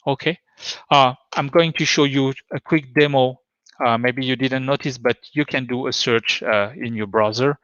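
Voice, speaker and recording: A man's voice: medium pitch, steady tone, normal speed, a bit bright, no room sound, highs cut off. French-accented man giving a tech talk. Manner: hesitant, many fillers and restarts. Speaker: conference speaker. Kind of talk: technical talk with live demo. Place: home.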